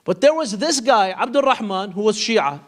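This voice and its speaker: A man telling religious stories to a congregation, calling them brothers and sisters, reciting short Arabic quotes and dropping low and quiet on key lines. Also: lively intonation, normal speed. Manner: drops low and quiet on key lines, lifts high for questions. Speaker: speaker at an Islamic institute. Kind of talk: storytelling lecture to a congregation.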